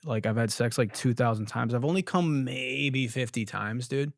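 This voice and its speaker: A young man runs a comedy podcast, riffing on viral clips with a loose, profane edge and frequent laughter. His voice sits at a middle pitch and comes across close and dry, with no room sound. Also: moderate pace, no echo. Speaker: podcast host. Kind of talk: casual comedic commentary on viral videos.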